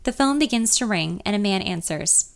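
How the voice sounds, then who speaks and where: A woman's voice: mid-range voice, animated, moderate pace, gravelly. A young woman narrating a first-person audiobook in a nervous, confessional inner voice.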